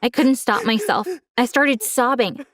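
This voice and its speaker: A woman's voice: a little high, a little slow, a bit bright. A young woman telling a dramatic first-person story, gasping now and then for effect.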